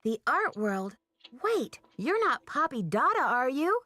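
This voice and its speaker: Nancy Drew. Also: female voice, high voice, sing-song, unhurried, bright, forceful tone, no room sound, heavily acted. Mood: earnest. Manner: polite, earnest. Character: young woman detective, polite and earnest. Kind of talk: video game voice acting.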